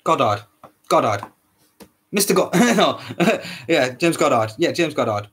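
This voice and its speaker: A man's voice: on the high side, big pitch swings, measured pace, a bit bright, husky. A man hosting a solo podcast, ranting in a heated, repetitive way, swearing often and stumbling over his words. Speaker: podcast host.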